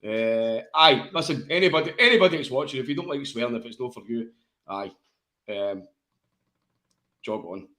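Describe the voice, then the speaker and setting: A Scottish man bantering about football on a podcast, laughing often and swearing freely. His mid-pitched voice carries an echo from the room. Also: moderate pace, long pauses, pushed and bright. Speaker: podcast co-host. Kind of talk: casual football chat. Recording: echoey room.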